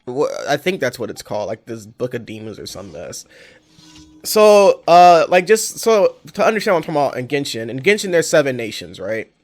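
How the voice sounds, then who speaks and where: A man's voice: mid-range voice, very animated, fairly quick. A young man streaming a game, chatting casually and rambling, correcting himself often and swearing freely. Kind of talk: casual chat while playing a game.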